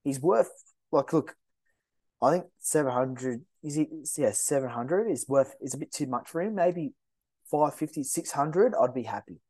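An Australian man hosting a casual sports podcast, talking in a rambling, animated way with lots of restarts. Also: on the high side, normal speed, dry recording. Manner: animated, rambling, mocks rival fans in a put-on voice. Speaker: podcast host.

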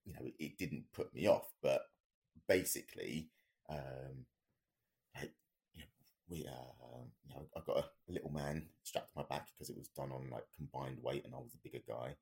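A man's voice: rumbling low, normal speed, vocal fry, darkish tone. A man, a podcast co-host, telling a story in a rambling, casual way with many fillers and restarts.

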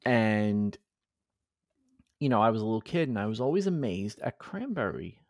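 A podcast host in his forties tells stories in a casual chat, animated and acting out other people's voices with lots of swing, his pitch jumping up and down. His voice is on the low side and moderately paced, sounding close and dry on the mic with no room around him.

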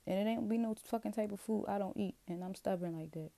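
A woman talking straight to her viewers in a rambling, profane, self-questioning confessional. Her voice is dark and gravelly with heavy vocal fry. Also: medium pitch, fast, dry recording. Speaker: vlogger. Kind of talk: candid confessional monologue.

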